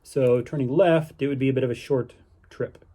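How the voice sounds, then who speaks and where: A man's voice: mid-range voice, fairly even intonation, normal speed, warm tone. A man giving a casual, rambling spoken recap of his day, easygoing and upbeat, with lots of fillers and restarts. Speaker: vlogger on a canal boating holiday.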